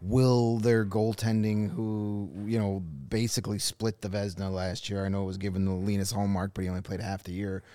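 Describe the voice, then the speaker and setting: A man's voice: on the low side, flat delivery, fairly quick, few pauses, dark tone, smooth, dry recording. A man co-hosting a casual sports podcast, talking through teams with frequent restarts and fillers. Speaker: podcast co-host.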